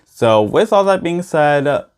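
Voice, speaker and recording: A man's voice: fairly high pitch, expressive, slow, smooth. A man hosting a chatty tarot reading vlog, talking with a slight lisp from new braces and a bubbly manner, often addressing viewers directly. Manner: bubbly, keeps saying "you guys" and "okay". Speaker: tarot reader.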